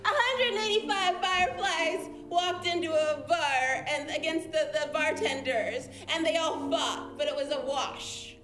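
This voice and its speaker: Really high-pitched woman doing improv jokes, giggly, echoey stage. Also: measured pace, hardly any pauses, background noise. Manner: giggly, laughs through her punchlines. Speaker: improv comedy performer. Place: comedy theater stage.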